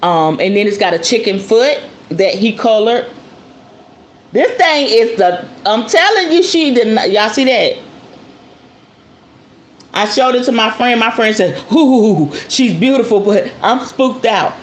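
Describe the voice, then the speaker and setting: A woman's voice: on the high side, lively intonation, unhurried. A woman host talking casually to her viewers and calling them y'all as she shows off an object. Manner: chatty, addresses viewers as y'all. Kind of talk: casual show-and-tell talk to viewers. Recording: roomy with faint background noise.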